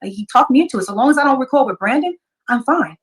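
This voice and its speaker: Female guest, fast casual storyteller, retelling conversations. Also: sits high, animated. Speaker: podcast guest.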